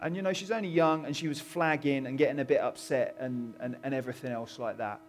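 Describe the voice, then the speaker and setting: A man preaching a sermon in a conversational, animated storytelling way, acting out voices. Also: mid-range voice, quick pace, soft background music. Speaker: pastor.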